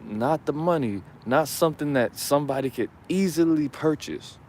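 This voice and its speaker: A man's voice: fairly high pitch, lively intonation, moderate pace, a little mellow, slight background noise. A man hosting his own channel, giving advice in casual commentary, rambling and preachy with profane jokes.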